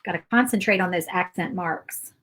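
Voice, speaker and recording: A woman hosting a casual painting tutorial. She is chatty and rambles, thinking out loud with fillers and little asides. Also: lowish voice, normal speed, poor audio. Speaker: craft channel host.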